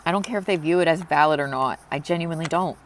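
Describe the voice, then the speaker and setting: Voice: medium pitch, quick pace, background noise. Earnest young vlogger in their twenties, open and reflective, close to tears at times, mid-range voice. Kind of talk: confessional personal vlog.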